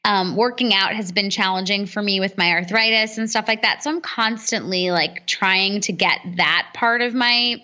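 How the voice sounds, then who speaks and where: A woman's voice: mid-range voice, normal speed, few pauses, sharp tone. A woman in her thirties speaking as a podcast guest, candid and chatty, filling her talk with "like". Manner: candid, chatty, heavy use of "like". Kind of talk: casual podcast conversation.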